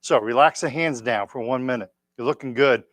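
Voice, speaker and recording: A man leading a tai chi class, giving calm, encouraging step-by-step cues. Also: mid-range voice, fairly quick, no room sound. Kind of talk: guided exercise class.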